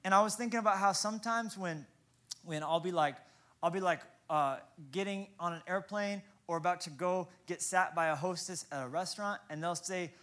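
A middle-aged man preaching a sermon in a fairly high voice. He prays softly and quietly, then shifts into light, self-mocking stories of everyday awkward moments, acting out the lines he quotes. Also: normal speed. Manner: self-deprecating storyteller, acts out quoted lines; prays in a soft, hushed tone. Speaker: pastor. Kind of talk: sermon with humorous anecdotes.

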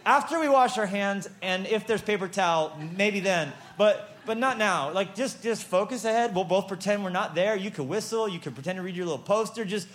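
A man with a slightly high-pitched voice delivers a humorous sermon from the pulpit. He is playful and tells stories, breaking into little acted-out exchanges as he goes. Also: fairly quick, hardly any pauses. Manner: playful, storytelling, acts out exchanges. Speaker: pastor.

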